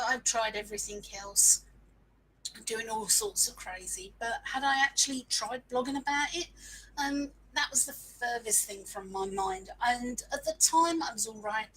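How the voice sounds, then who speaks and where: A woman's voice: a little high, normal speed, fairly bright tone, slight background noise, low-quality recording. A woman, telling a frank, self-mocking story in a casual live stream and sprinkling in mild swearing. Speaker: small business owner sharing marketing lessons.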